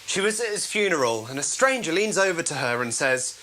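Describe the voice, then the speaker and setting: Lively, bright-voiced comedy host man. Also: on the high side, slight background noise, low-quality recording. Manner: playful, self-mocking, quick to laugh. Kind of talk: casual live show chat.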